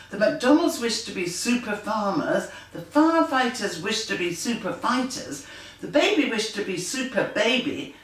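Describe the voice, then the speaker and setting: A woman's voice: mid-range voice, recorded from a distance. A woman reading her picture book aloud to children, with playful sound effects and character voices. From United Kingdom. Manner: slow, animated, doing lively animal and machine noises. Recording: echoey room, voice from off the mic.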